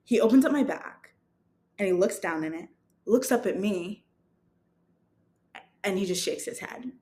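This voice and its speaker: A young woman hosting a podcast, telling a story in a casual, animated and self-mocking way, often laughing. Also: medium pitch, measured pace. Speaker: podcast host. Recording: roomy echo.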